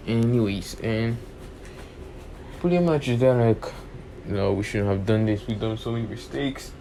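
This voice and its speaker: A man's voice: fairly low pitch, expressive, a little slow, a little mellow. A young man casually retelling a fan story off the cuff, rambling, with many restarts and filler phrases. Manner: rambling, repeats "pretty much" and "and stuff", many restarts. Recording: faint background noise.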